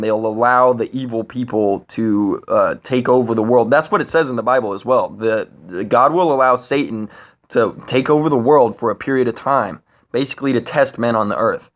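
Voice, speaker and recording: A man talking to camera in a rambling, profane monologue, full of fillers and restarts, getting higher and louder when he is worked up. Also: moderate pace. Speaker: vlogger. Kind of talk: casual monologue.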